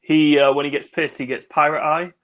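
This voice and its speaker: Man, co-host, boozy rambling chat, slightly high voice, video call. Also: flat delivery, brisk, a bit bright. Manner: rambling, swearing, laughing. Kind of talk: tipsy casual chat over cocktails.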